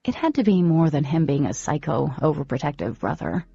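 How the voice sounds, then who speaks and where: Woman audiobook narrator, expressive and dramatic, low warm voice, dull recording, faint music. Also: a little fast, creaky, husky, no echo. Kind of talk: first-person audiobook narration.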